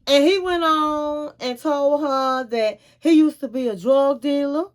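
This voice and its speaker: With a high voice and measured pace, a woman casually recaps a reality show and hands out frank advice, calling her viewers honey and queens. She's chatty and retells scenes by quoting the dialogue.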